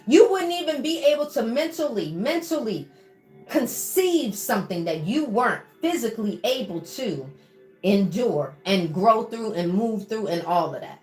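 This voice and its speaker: A woman preaches encouragement on a livestream, her high voice leaping up and down as she coaxes viewers and calls them baby. She sounds roomy and echoing, with faint music running behind her. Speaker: motivational coach on a livestream. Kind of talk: live-streamed motivational talk.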